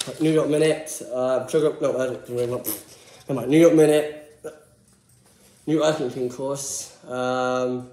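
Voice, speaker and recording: A man giving excitable, giggly, rambling commentary as a vlogger. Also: a little high. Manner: excitable, giggly, jumps between topics. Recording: echoey room.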